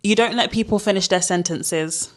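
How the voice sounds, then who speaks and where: A woman's voice: mid-range voice, normal speed. A woman in her early twenties chats casually in an ordinary mid-range voice. She speaks to the viewers directly while she puts questions to her mother. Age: early 20s. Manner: chatty, addresses viewers directly. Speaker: daughter asking questions. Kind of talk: casual chat.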